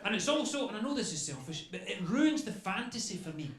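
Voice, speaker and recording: A man's voice: sits high, big pitch swings, fast talker, a crowd in the background. A man doing a stand-up comedy set on a club stage, rambling and chatty, tagging lines with "okay?" and "you know". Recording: echoey club room with faint noise.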